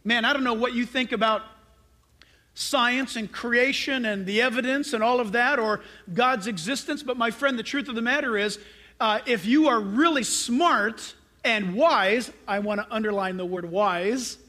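A man's voice: sits high, measured pace, sharp tone. A male pastor preaching a sermon, emphatic and direct, firing rhetorical questions at his congregation.

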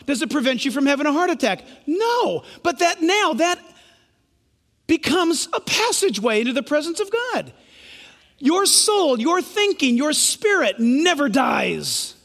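A man's voice: very high-pitched, fairly bright tone. A man preaching a sermon as pastor, emphatic and questioning the congregation. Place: church sanctuary. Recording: long hall reverb.

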